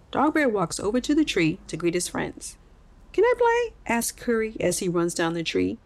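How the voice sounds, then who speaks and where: A woman hosting a children's podcast and narrating a story in an expressive read-aloud style. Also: fairly low pitch, gravelly.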